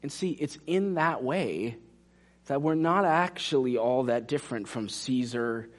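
A man preaching a sermon, animated and direct, dropping to hushed asides for emphasis. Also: medium pitch. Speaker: pastor.

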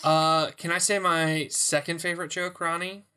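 Bright, slightly high-voiced man, animated. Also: moderate pace, clean tone. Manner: laughing, animated, swears for emphasis. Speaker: podcast co-host. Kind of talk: casual chat reviewing a show.

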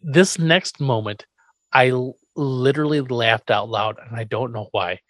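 Animated male co-host, swears freely, dry studio mic. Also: mid-range voice, unhurried, no room sound. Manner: animated, profane, acts out characters. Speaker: podcast co-host. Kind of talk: casual chat recapping an episode.

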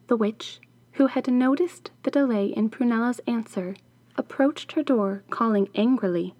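A woman's voice: on the high side, normal speed, dark tone. A woman hosting a podcast, reading a fairy tale and adding wry, sarcastic asides. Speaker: podcast host.

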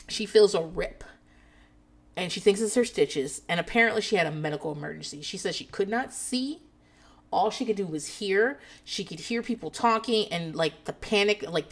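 A woman in a rambling, casual chat, sarcastic and heavy on profanity. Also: on the low side.

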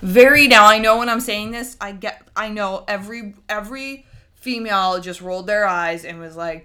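Lively, bright-voiced woman podcast host. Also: medium pitch, moderate pace. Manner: chatty and animated, acts out quoted voices. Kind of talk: casual podcast chat.

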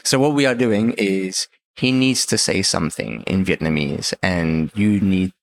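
A man's voice: deep voice, unhurried. A man whose first language is Italian, chatting casually and explaining patiently in slightly broken English. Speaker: business owner. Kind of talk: casual chat.

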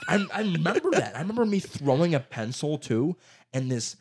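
With a fairly high, brisk voice that has a breathy edge, a young man chats casually about his childhood. His storytelling is profane and animated, packed with put-on voices.

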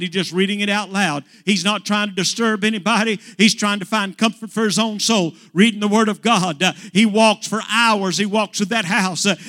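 A male pastor preaching a sermon, putting "uh" before phrases in a rhythmic, rising delivery that builds to shouts. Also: high voice, no room sound, studio quality.

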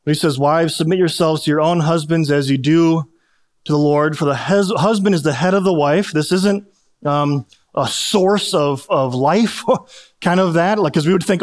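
A man's voice: on the high side, moderate pace. A middle-aged male pastor giving a conversational sermon, with self-deprecating humor and frequent restarts.

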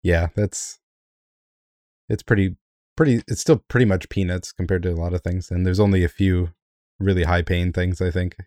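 A man's voice: low voice, steady tone, moderate pace, mellow, no echo, clean studio sound. A man co-hosting a casual gaming podcast, chatting in a laid-back way. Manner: laid-back, laughs along. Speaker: podcast co-host.

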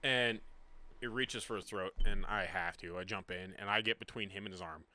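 A young man co-hosting a casual podcast, telling a story with lots of swearing and acting out the people in it. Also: normal speed. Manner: animated, acts out quoted people with big pitch jumps, swears freely.

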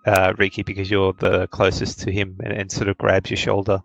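A man's voice: low voice, little pitch movement, a little fast, gravelly, few pauses, a bit bright, dry recording, soft background music, rough recording. A man narrating as game master of a tabletop game, hesitant, with many ums and uhs.

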